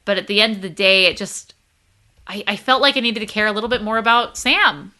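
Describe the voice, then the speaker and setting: A woman's voice: medium pitch, a little fast, pushed and bright. A woman co-hosting a podcast, chatting casually and animatedly, laughing often. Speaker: podcast co-host. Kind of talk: casual chat.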